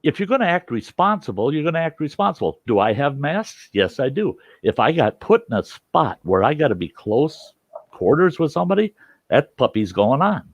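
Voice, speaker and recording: A man's voice: on the high side, very animated, normal speed, no echo, highs cut off. A man from the United States hosting a talk show, arguing insistently and repeating his points. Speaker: host. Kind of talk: heated casual debate.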